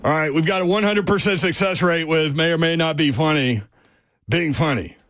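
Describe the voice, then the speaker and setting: A man's voice: a little high, normal speed, fairly bright tone, no room sound, clean studio sound. A man hosting a sports radio show, chatting casually, telling odd stories and reading out game listings. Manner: jokey, storytelling, reads out game lines. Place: radio studio.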